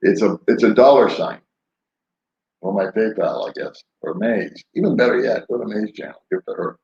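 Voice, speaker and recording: A man's voice: fairly low pitch, normal speed, gravelly, a little mellow. An older man chatting casually on a live stream, rambling and laid-back, laughing often as he answers viewers. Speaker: vlogger answering live chat. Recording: roomy, dull lo-fi sound.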